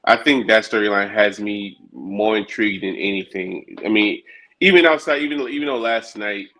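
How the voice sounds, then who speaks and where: A man's voice: lowish voice, normal speed, sharp tone. A man co-hosting a casual wrestling chat, rambling with many restarts and fillers. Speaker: podcast co-host.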